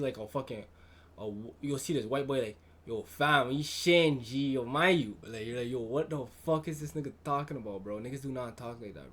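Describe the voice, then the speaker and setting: A man giving casual reaction commentary, animated and slangy, talking back at a video. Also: mid-range voice. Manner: animated, slangy, profane, talks over the clip.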